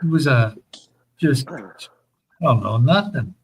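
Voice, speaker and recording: A man's voice: medium pitch, animated, takes it slowly, slight background noise, low-quality recording. A man telling rambling, profane stories about his school days in a casual chat, laughing as he goes.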